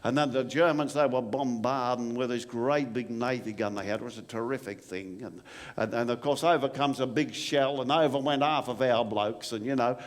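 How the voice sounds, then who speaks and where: A man's voice: mid-range voice, normal speed, natural voice. A man with an Australian accent playing an old bushman telling a rambling, stammering storytelling monologue about his soldiering days. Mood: reminiscing. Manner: rambling, stammering yarn with repeated "and, and". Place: live performance venue. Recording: long reverb in a venue hall.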